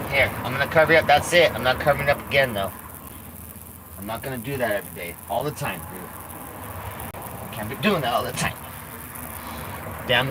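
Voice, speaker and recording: A man's voice: mid-range voice, noisy background. A man live-streaming from inside an RV, rambling in casual chat, swearing a lot and repeating himself.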